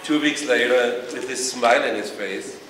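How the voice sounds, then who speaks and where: A man giving an earnest, halting tribute speech in a large ceremonial house. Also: medium pitch, background noise. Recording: echoey hall from far off.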